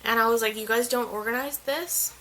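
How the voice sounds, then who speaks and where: A woman's voice: on the high side, a little fast, pushed and bright, slight background noise, rough recording. A young woman venting in a casual vlog, retelling a story in a chatty, frustrated way and filling it with "like" and quoted lines. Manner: chatty, heavy use of "like", quotes others mid-story. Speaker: vlogger.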